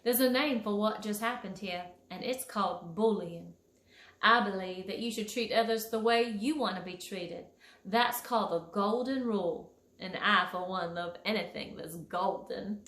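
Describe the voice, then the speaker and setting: A woman's voice: mid-range voice, moderate pace, close to an everyday voice. Woman doing a honeyed Southern fairy. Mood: sweet scolding. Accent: Southern US drawl. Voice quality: honeyed, gently scolding, calls kids pet names. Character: sweet, prim female fairy who teaches manners. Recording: echoey room.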